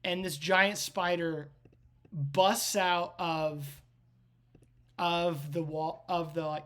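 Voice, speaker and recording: A woman's voice: fairly low pitch, fairly even intonation, extremely slow, pauses often. A woman game master narrating a tabletop game with vivid, rambling storytelling. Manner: vivid storytelling with frequent restarts.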